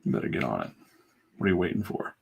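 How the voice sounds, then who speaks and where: Gravelly, husky middle-aged man. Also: deep voice, huge pitch swings, fast talker, lo-fi sound. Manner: blunt, pep-talk delivery with mild swearing. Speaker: comic artist streaming his work. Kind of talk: casual chat on a live drawing stream.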